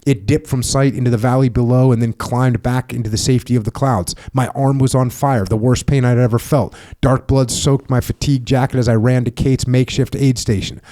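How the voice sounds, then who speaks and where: A man hosts a podcast and reads from a war memoir in a steady, measured voice. His tone is dark and mellow. The sound is dry and close to the mic. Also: mid-range voice, no room sound. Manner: steady, measured reading with brief questions. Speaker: podcast host. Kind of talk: reading a memoir aloud and interviewing.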